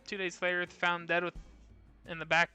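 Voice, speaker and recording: A man's voice: high-pitched, completely flat delivery, normal speed, pushed and bright, clear, resonant tone, faint music behind. A man reading aloud the lines of a chatty, rambling woman who runs a gun shop, apologizing as she over-shares. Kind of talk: reading game dialogue aloud.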